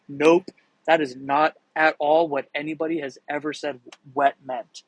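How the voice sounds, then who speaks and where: A young man with a slightly high voice, chatting live to viewers in a rambling, excitable way, cursing as he goes. The sound is dry and close, with no room around it. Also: a little slow, no echo, low-quality recording. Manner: rambling, excitable, swears freely. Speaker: livestream host answering viewer questions. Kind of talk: casual live chat.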